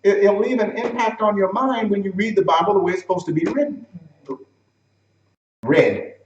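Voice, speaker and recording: A fairly high-voiced man preaching a teaching sermon in a church sanctuary. He talks conversationally, quizzes his listeners, and acts out the quotes from scripture. The room is echoey and he stands back from the mic. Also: normal speed, far from the mic, dull audio, slight background noise. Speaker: pastor.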